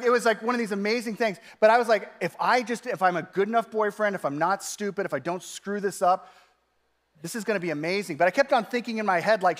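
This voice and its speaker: A man preaching as a pastor, talking in a casual, animated way with lots of "like" fillers. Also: sits high, big-room sound. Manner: conversational, animated, frequent "like" fillers. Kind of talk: sermon.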